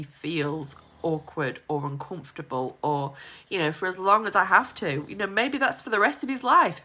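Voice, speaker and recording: A woman in her thirties speaks straight to the camera with a bright, tense edge to her voice. She talks emphatically and with determination, peppering her speech with "you know". She sounds close to tears. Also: lowish voice, moderate pace. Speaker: vlogger, single mother. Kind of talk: heartfelt casual vlog.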